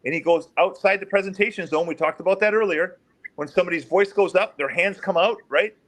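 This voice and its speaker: A middle-aged man with a slightly raised pitch tells police stories in a lively, conversational way. He jumps into the voices of the people he quotes, lifting his pitch as he plays them out. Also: fairly quick. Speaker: guest, former police officer. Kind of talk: storytelling in an interview.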